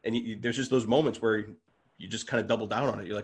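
A man's voice: fairly low pitch, steady tone, fast talker, breathy edge. A man talking as a podcast guest in casual conversation, earnest and open, often restarting his sentences and getting worked up as he goes.

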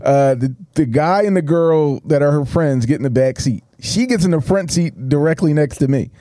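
A man's voice: fairly high pitch, normal speed, no room sound. A man hosting a casual podcast, telling crude stories with lots of laughs. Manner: crude, laughing, animated storyteller. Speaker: podcast host. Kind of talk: casual sports podcast banter, storytelling.

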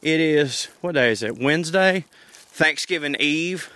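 Southern man, comedic rant, profane and rambling, slightly high voice, dry close sound. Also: unhurried, bright, forceful tone, no echo. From Georgia, US South. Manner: profane, rambling, self-mocking, laughs often. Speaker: comedian podcast host.

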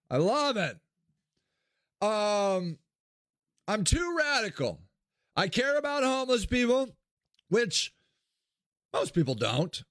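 Animated blunt man with a lively pitch. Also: no room sound, clean studio sound. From Akron, Ohio, US. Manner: blunt, swears freely, animated swings in pitch. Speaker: podcast host and local candidate. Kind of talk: candid solo monologue.

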